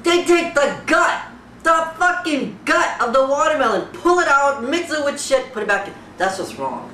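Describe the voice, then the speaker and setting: Young comic from Fiji, profane talk-show parody: loud outraged rant, bright edgy tone, recorded in an echoey room off the mic. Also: high voice, normal speed. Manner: loud, animated, swearing constantly, exaggerated outrage. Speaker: comedian recreating a talk show. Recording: roomy echo, distant mic, faint background hiss.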